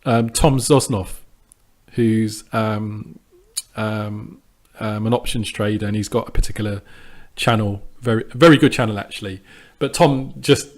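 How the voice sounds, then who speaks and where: A man with a fairly low voice talks through his trading project in a loose, unscripted way. He hesitates a lot, circles back on his words, and sounds defiant and dismissive of doubters. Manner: conversational with frequent ums and restarts. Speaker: sports trader vlogger. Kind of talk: casual monologue to camera.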